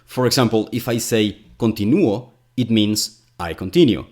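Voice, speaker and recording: A man's voice: on the low side, normal speed. Wry native Spanish-speaking man. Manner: wry, exasperated. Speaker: commentary video host. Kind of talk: scripted commentary.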